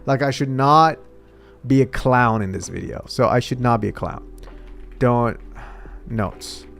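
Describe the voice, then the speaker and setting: A man's voice: mid-range voice, unhurried, gravelly, fairly bright tone, soft background music. A man vlogging and thinking aloud in a casual, hesitant way, often trailing off mid-thought.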